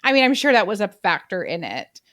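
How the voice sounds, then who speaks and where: A woman's voice: medium pitch, very animated, fairly quick, a bit bright. A woman in her late thirties co-hosting a podcast, chatting casually and candidly, swearing freely and poking fun at herself. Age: late 30s. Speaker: podcast co-host. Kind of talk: casual chat.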